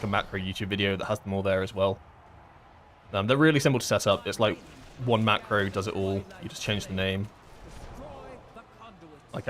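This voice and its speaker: A man streams a game and explains its mechanics, rambling casually and using lots of fillers. His voice is lowish with a fairly bright tone, and there's a little hiss or hum on the recording.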